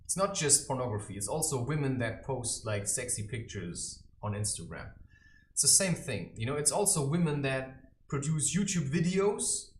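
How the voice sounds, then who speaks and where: A man's voice: mid-range voice, moderate pace, a little hiss or hum. A man vlogging in a rambling, provocative monologue, ranting animatedly from a bare room indoors. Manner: animated, provocative, ranting, often laughing at himself. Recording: echoey room.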